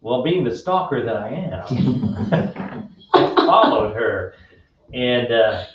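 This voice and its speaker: A man hosting a radio show, telling a personal story in a friendly, unhurried way. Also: mid-range voice, sing-song, slight background noise. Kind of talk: casual faith-based chat. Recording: echoey room, distant dull mic.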